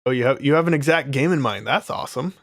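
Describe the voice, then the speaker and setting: A man's voice: medium pitch, quick pace, no echo, clean studio sound. A young man in casual livestream chat, rambling with many fillers and frequent laughs. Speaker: streamer selling his course.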